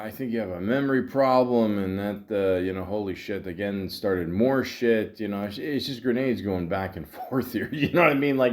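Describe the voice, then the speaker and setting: A man's voice: on the low side, darkish tone. A man hosting a podcast, telling a frustrating dating story in a rambling, casual way, full of fillers and quoted back-and-forth. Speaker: podcast host. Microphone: podcast microphone.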